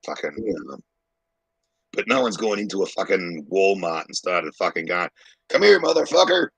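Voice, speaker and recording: A low-voiced Australian man with a husky, slightly rough tone, talking bluntly and swearing freely as he rambles through a story. The sound is dry and close, with no room behind him. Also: normal speed, a bit bright, dry recording, rough recording. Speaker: podcast co-host. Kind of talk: casual chat.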